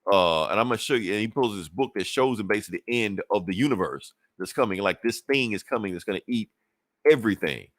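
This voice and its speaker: A man's voice: fairly low pitch, lively intonation, quick pace, a bit bright, no echo, studio quality. Loose, profane man recapping comics. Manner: loose and profane, acts out characters' lines with laughs. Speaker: podcast co-host reviewing comics. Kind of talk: casual comic book recap.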